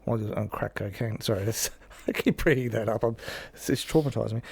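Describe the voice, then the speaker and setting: A man's voice: on the low side, brisk, creaky, a little mellow, slightly rough. A man, co-hosting a podcast in casual, jokey, rambling chat. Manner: jokey, rambling, self-mocking. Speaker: podcast co-host.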